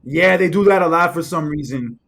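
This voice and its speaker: A man's voice: fairly high pitch, fairly quick, a bit bright. A man in casual wrestling chat, retelling events in a laid-back, profane way. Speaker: podcast co-host.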